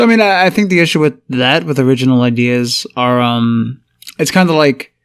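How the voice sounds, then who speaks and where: Man reasoning things through casually. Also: mid-range voice. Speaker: podcast co-host. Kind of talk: casual chat.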